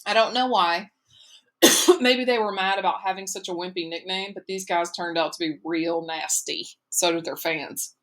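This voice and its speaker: A woman reading a novel aloud as an audiobook narrator in a steady, measured way. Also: mid-range voice.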